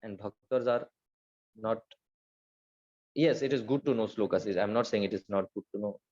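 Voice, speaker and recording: A man giving a devotional scripture class, telling stories with lively acted-out quotes and quickly chanted verses. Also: fairly low pitch. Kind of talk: Gita class lecture. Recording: slightly dull lo-fi recording.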